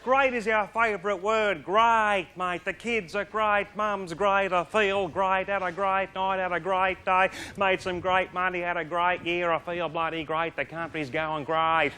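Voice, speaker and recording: A man with an Australian accent delivering a brash, loud stand-up comedy monologue. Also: high-pitched, fairly even intonation, unhurried, hardly any pauses. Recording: live crowd and loud ambience.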